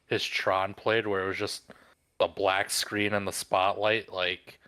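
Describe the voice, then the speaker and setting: A man's voice: low voice, flat delivery, measured pace, pushed and bright, clean tone. A man co-hosting a podcast in casual chat, speaking thoughtfully. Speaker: podcast co-host.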